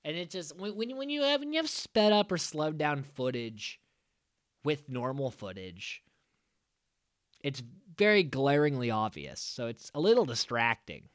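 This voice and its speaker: A man's voice: on the high side, very animated, measured pace, a bit bright, clear, resonant tone, no echo, studio quality. A man hosting a podcast, recapping an old episode in a rambling, sarcastic way full of "like" and "uh". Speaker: podcast host.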